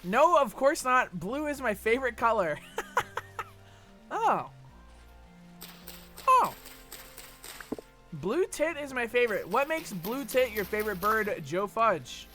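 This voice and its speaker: Male streamer, from Texas, casual and profane, reads chat aloud, bright voice with a wide swing. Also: extremely high pitch, very animated, measured pace, pauses often, faint music behind. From Texas, USA. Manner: rambling, profane, reads chat messages aloud and jokes back. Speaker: gaming streamer. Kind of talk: casual livestream chat while gaming.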